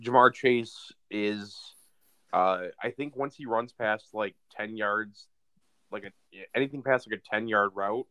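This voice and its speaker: A man with a slightly low voice in casual podcast banter. He states his opinions with animated emphasis. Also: unhurried, smooth, no echo. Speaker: fantasy league podcast co-host. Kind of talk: casual chat.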